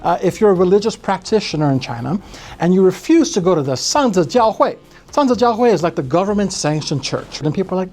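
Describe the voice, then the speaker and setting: A man from Brazil, an immigration lawyer, explaining cases in a podcast interview with animated delivery. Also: high voice, fast talker. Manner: animated, acts out quotes in other voices.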